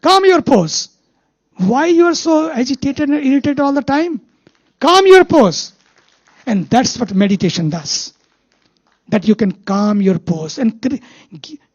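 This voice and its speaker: A spiritual teacher with an Indian English accent gives a talk built on anecdotes, repeating key phrases slowly for emphasis. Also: mid-range voice, darkish tone, breathy edge, no room sound, highs cut off.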